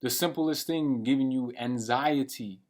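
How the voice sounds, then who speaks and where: A man's voice: medium pitch, measured pace, a little mellow. A man in his late twenties giving a blunt, profane and rambling monologue for his vlog. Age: late 20s. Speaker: vlogger. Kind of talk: unscripted rant monologue.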